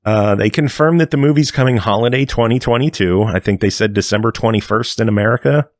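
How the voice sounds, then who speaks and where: A man's voice: lowish voice, fast, no room sound, clean studio sound. A man hosting a casual gaming podcast, running through the week's news with fillers and the odd swear.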